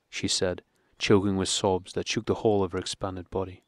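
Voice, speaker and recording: Audiobook narrator, male, lower voice, steady measured reading, dry close sound. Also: dry recording. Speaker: audiobook reader. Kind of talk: reading a classic novel aloud.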